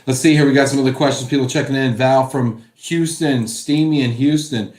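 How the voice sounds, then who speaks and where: A man's voice: mid-range voice, fairly even intonation, a little fast, darkish tone. A man hosting a live stream, reading out viewer questions in an upbeat, casual way. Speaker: live show host. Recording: echoey room.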